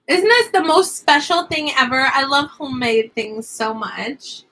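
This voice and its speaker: A young woman, an online English teacher, chatting casually from her home classroom in an animated way. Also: high-pitched, measured pace, slight background noise. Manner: animated, switches into playful sing-song teaching voices. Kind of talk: casual chat.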